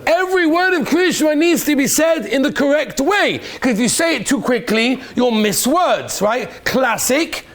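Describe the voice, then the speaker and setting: Male rabbi, bright tenor, animated teacher who keeps quizzing the class and praising answers. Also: very high voice, normal speed, hardly any pauses. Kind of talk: lively classroom lesson.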